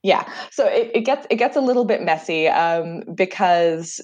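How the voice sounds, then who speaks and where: A woman in her thirties with a Canadian accent, chatty and self-deprecating, telling her story as a podcast guest with halting restarts. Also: on the low side, expressive, darkish tone, dull audio. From Jersey, Channel Islands. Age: 30s. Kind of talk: remote interview, personal story.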